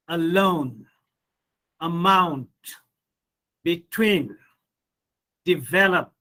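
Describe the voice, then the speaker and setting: A man leads a pronunciation lesson in a high, light voice. He talks slowly and patiently. He drills each word in a deliberate, repetitive way. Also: fairly bright tone, low-quality recording. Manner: slow, repetitive drilling with frequent "hmm" and "you see". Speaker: English pronunciation teacher. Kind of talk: online lecture on word stress.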